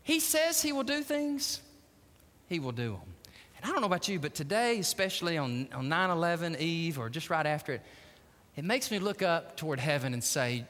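A middle-aged man preaches a sermon, his voice high and ringing bright. He tells stories dramatically, dropping to a hush and then rising to loud emphasis. The sound carries the long reverb of a big church hall. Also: sing-song, moderate pace. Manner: dramatic, emphatic storytelling, swinging between hushed and loud. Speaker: pastor. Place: church sanctuary.

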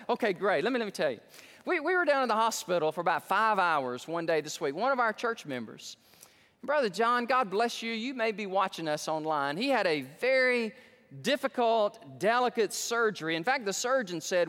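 Man pastor, high voice, folksy excitable sermon, long reverb of a big church. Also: normal speed. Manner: folksy, excitable preaching with repeated restarts. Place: large church sanctuary.

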